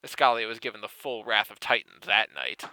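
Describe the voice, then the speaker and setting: A man with a bright, ringing voice reads a ridiculous fan fiction story with mock solemnity. He keeps a straight face, then slips into laughing asides. The sound is dry and close, with no room around it. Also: lowish voice, lively intonation, a little fast, clean tone, no room sound, poor audio. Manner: mock-serious narration broken by laughing asides. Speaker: podcast host reading fan fiction aloud. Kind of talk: comedic dramatic reading.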